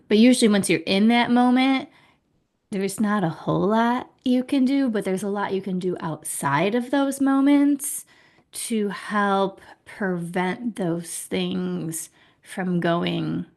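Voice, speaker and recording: A woman who works as a life coach talks casually and easily. She fills her sentences with "like". Her voice sits at an everyday middle pitch. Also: lively intonation, takes it slowly, gravelly, darkish tone. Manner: easygoing and conversational, with many "like"s. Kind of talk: casual chat.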